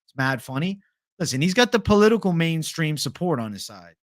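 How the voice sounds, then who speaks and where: A man's voice: a little high, big pitch swings, brisk. A young man hosting a casual livestream, swearing freely and reading viewer chat aloud. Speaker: livestream host.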